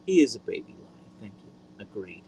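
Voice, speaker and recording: A man hosting a casual live stream, rambling in a friendly way with lots of fillers, speaking into a boom mic. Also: big pitch swings, a little fast, warm tone, a little hiss or hum, poor audio. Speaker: livestream host.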